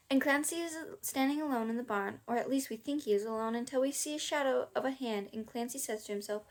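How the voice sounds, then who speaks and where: A woman reading a children's novel aloud for a homemade audiobook. Her voice sits a touch high, and her delivery is casual and chatty, with little asides. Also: a little fast. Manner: casual, breaks off to chuckle and comment. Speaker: audiobook reader.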